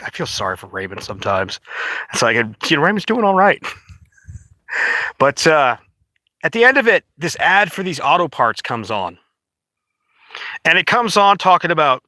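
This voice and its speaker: Lively, bright-voiced man ranting. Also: medium pitch, no room sound. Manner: profane, rambling, indignant. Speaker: vlogger. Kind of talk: casual rant to camera.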